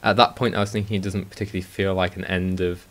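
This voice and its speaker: A man co-hosting a podcast, relaxed and teasing as he gives his views on a game update. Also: low voice, fast. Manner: laid-back and teasing, laughs easily. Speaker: podcast co-host. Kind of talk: casual podcast chat.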